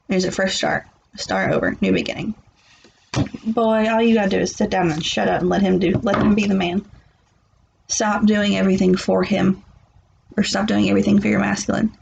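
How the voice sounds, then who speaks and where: A woman with a heavily gravelly, fry-laden voice gives a casual tarot reading, blunt and rambling with frequent restarts. The sound is muffled and lo-fi, with a faint hiss underneath. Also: medium pitch, a little mellow. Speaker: tarot reader. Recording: muffled lo-fi recording.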